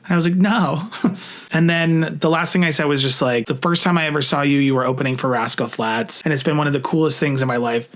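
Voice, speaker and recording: A man's voice: on the high side, fast talker. A young man vlogging, telling a story in casual talk, swearing freely and acting out what people said. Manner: animated, swears freely, acts out quoted lines.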